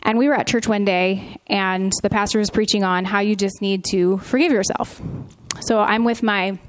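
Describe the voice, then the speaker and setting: Woman co-host, earnest faith testimony, halting and sincere, mid-pitched. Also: fairly even intonation, a little hiss or hum. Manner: earnest, with frequent ums and restarts. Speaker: podcast co-host. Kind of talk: candid Christian testimony.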